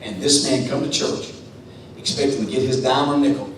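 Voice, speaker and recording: A man preaching a sermon as pastor, telling a story in a low voice and then building to loud, chanting, sing-song preaching. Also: moderate pace, recorded from a distance, slight background noise. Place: church sanctuary. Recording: echoey church from afar with music.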